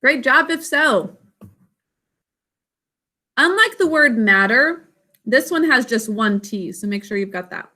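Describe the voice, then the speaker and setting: A woman with a high, bright voice teaches a spelling class. She dictates slowly and deliberately, stretching each word and breaking it into sounds and syllables. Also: expressive. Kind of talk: spelling lesson.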